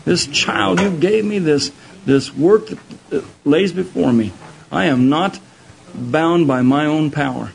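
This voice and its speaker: A man delivers a sermon with an animated storytelling manner. His voice sits a little high for a man, and he often repeats words as he builds his point. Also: takes it slowly, vocal fry, a crowd in the background, poor audio. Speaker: preacher.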